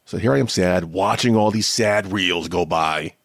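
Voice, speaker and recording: Deep-voiced man, candid solo monologue. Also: moderate pace, vocal fry, a bit bright, no echo, studio quality. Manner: candid, rambling, self-deprecating. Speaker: podcast host.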